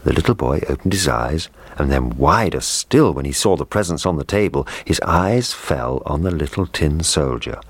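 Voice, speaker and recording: Deep-voiced man reading a children's story. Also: moderate pace, few pauses, husky, no room sound. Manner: gentle, expressive.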